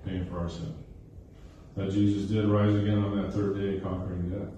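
Recorded from a distance in a very echoey recreation center hall used for church, a male pastor preaches in a low, mellow, level voice at a moderate pace. The highs are cut off and there's slight background noise. He frequently checks in with "okay?" and "right?" and repeats phrases for emphasis.

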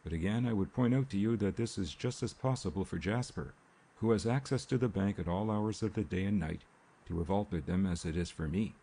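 A man voicing a composed young man calmly defending himself in an audiobook, measured and polite. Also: low-pitched. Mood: earnest. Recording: faint rain ambience behind.

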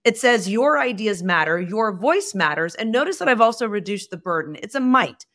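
A woman guest in a podcast conversation, speaking expressively and acting out bits of dialogue. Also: normal speed. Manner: expressive, acts out dialogue with shifting pitch. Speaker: guest, communication expert.

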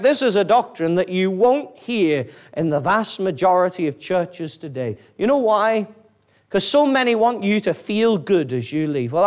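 Fervent high-pitched male preacher. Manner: fervent, rising to loud emphatic peaks then dropping low; repeats phrases for emphasis. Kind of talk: evangelistic sermon.

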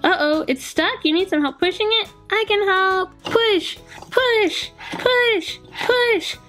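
A woman voicing excited, bouncy little puppies in toy play, squeaky and yappy. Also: moderate pace, soft background music.

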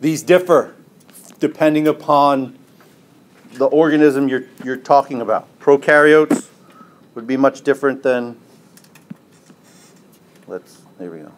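A man lectures on biology to a class. He draws on the board as he goes, poses questions and then answers them himself. He keeps checking in with a steady "right?" and "okay?". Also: mid-range voice, measured pace, pauses often. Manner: drawing on a board while explaining.

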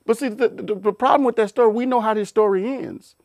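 A man's voice: high-pitched, quick pace, a little mellow, no echo. A man giving an informal Bible talk, emphatic and repetitive, with rhetorical questions and many restarts. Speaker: Bible teacher.

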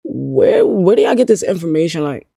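A woman's voice: on the low side, very animated, moderate pace, creaky, mellow, husky, no echo, clean studio sound. A young woman chatting casually to her livestream chat, slangy and swearing, often laughing in disbelief. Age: young adult. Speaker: streamer.

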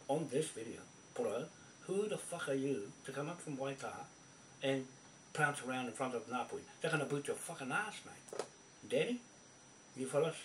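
Angry New man, profane confrontational rant, echoey room, off-mic. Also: medium pitch. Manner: furious, swearing constantly, confrontational. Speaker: video poster. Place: indoors at a computer. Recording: roomy, distant from mic, faint background noise.

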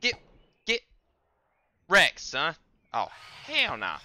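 A young man talking over his game stream with a very bright, edged voice. He stammers constantly, repeating words as he restarts, and his pitch swings widely when he shouts down the monsters. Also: very animated, normal speed, smooth, no room sound. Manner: trash-talks the game's monsters, loud bursts of exasperation. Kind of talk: casual gaming commentary.

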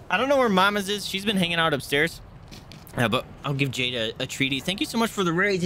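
A man's voice: a little high, lively intonation, quick pace, bright, forceful tone, a little hiss or hum. A man streaming a game live, talking through his fights with frequent swearing, greeting viewers and chatting to his dogs. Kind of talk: live gameplay commentary.

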